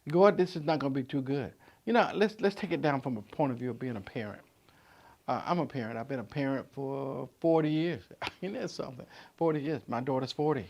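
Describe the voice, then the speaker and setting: A man in his sixties, a pastor giving a vlog sermon, conversational with stammered restarts, swinging from loud emphatic peaks to soft low asides. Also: fairly quick, creaky, highs cut off.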